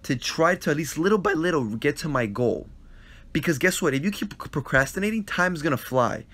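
A man's voice: fairly high pitch, expressive, brisk, a bit bright. A man hosting a casual live-stream Q&A, earnestly answering viewer questions about life and relationships, often repeating himself and checking in with the listener. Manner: earnest and repetitive, checks in with "right?". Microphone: phone live stream.

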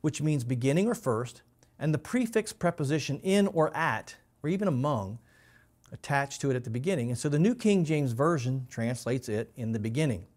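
A male pastor giving a measured, explanatory Bible teaching and stressing key words. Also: mid-range voice, lively intonation, darkish tone.

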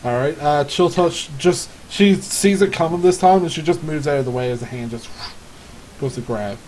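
A man running a tabletop game as game master, laughing often and filling pauses with "like" and "uh". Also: a little high, a little mellow, slight background noise, rough recording. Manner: laughs often, many fillers.

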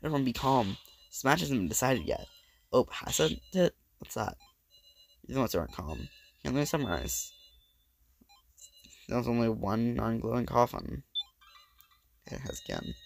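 Male let's play host with a gravelly, creaky voice, reading game dialogue aloud with stammering dramatic reads. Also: medium pitch, very animated, unhurried, pauses often, slight background noise.

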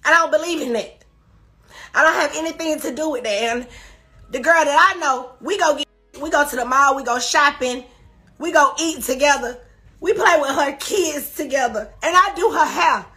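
A woman's voice: high-pitched, normal speed, pushed and bright, faint music behind. A woman crying as she rants on a live stream, repeating emphatic, defensive denials. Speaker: social media personality on a live stream. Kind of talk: emotional livestream rant.

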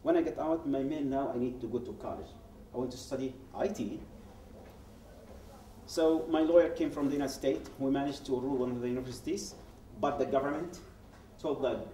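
Warm and mid-range, the man's voice runs fairly quick, with a little background noise. He's a Yemeni guest speaker recounting his testimony as a story at a public event, voicing the lines he quotes and often starting sentences over. Recorded in a roomy event hall, he stands far from the microphone.

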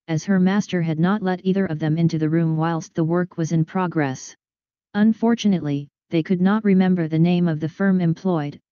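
A woman reading a detective story aloud in a measured, even storytelling manner, in a dull lo-fi recording. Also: lowish voice, no room sound. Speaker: audiobook reader. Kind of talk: scripted narration of a detective story.

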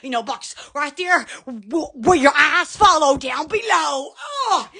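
A woman's voice: sits high, sharp tone. A woman, hosting a livestream on her phone in giddy chatter full of squeals and laughing exclamations. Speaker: livestream host.

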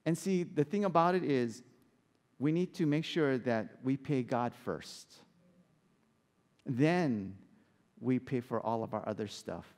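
A man preaching a sermon as pastor, animated and asking the congregation rhetorical questions. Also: medium pitch, slow pace, long pauses, in a large hall.

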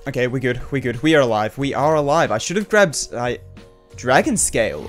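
A young Australian man giving live commentary on his own gameplay as a streamer, reacting aloud with slang and quick laughs. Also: medium pitch, lively intonation, soft background music. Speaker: game streamer.

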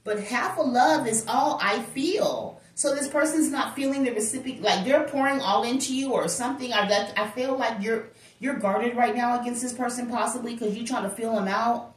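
A woman's voice: a little high, a little fast. A woman giving a casual tarot reading, talking straight to her viewers in an emphatic, chatty way. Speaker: tarot reader. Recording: roomy echo, distant from the mic.

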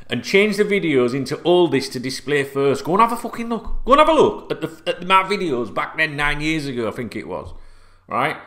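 Fan vlogger, man, high bright voice, rambling, sweary, prone to shouting, echoey home room. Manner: swears a lot, rambling, repeats himself, bursts into shouts. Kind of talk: excited unscripted video rant. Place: at home, sitting.

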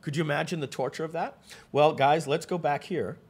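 A man presenting a live webinar, telling stories with lively asides to the audience and frequent restarts. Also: fairly high pitch, a little fast, breathy edge.

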